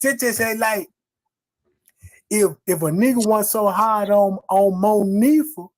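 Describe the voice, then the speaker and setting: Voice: mid-range voice, unhurried. Rambling slang-heavy online commentator. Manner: loose and rambling, heavy slang, asks "you know what I'm saying". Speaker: online commentator in a played clip. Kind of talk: casual commentary from a played video.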